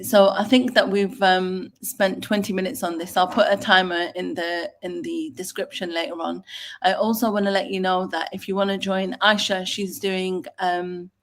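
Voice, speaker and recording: A woman's voice: medium pitch, fairly even intonation, moderate pace. Chatty woman hosting a casual chat. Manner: chatty, rambling with fillers. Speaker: host.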